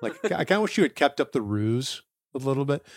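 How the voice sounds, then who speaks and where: A man co-hosts a casual podcast, cutting in with quick, amused asides. His voice is middle-pitched and plain. The sound is dry and close. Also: big pitch swings, no echo. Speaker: podcast host. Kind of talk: casual chat.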